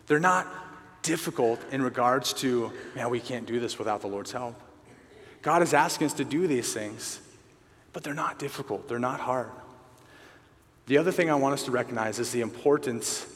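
A man preaching a sermon to a men's group, earnest and conversational, repeating key phrases for emphasis. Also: mid-range voice. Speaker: pastor at a men's gathering. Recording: reverberant hall.

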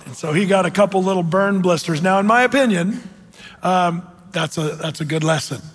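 Older male pastor, high-pitched, chatty sermon with fillers, long hall reverb. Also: moderate pace, husky. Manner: conversational, many fillers and restarts, acts out quoted voices.

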